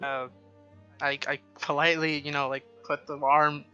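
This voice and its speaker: Bright smooth-voiced man rambling. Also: on the high side, flat delivery, normal speed, dull audio, soft background music. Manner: rambling with many likes and you-knows. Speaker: player. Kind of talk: casual tabletop play.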